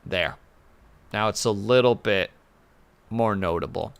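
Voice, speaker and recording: A man's voice: on the low side, unhurried, creaky, clear, resonant tone. A man chatting casually on a livestream, rambling with playful asides in a home setup with a desk mic. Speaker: streamer. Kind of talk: casual stream chat.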